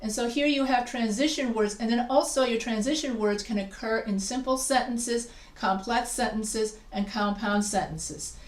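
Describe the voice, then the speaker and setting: A woman's voice: a little high, normal speed, hardly any pauses, reverberant, distant mic. A woman writing instructor lecturing over a video call, explaining patiently and repeating example sentences for emphasis. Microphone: video call microphone.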